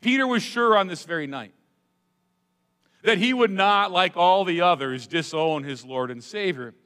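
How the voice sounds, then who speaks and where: A male pastor preaching a sermon, dramatic, swinging between loud emphatic lines and hushed asides. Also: sits high, expressive, normal speed, smooth. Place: church sanctuary. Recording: long hall reverb.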